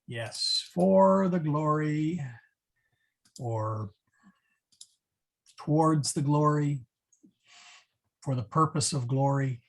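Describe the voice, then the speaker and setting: A man teaching a Latin lesson at an unhurried, deliberate pace. His voice is slightly husky, and his explanations come out haltingly, full of ums and restarts, with a chuckle at his own slips. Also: a little high. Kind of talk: online class instruction.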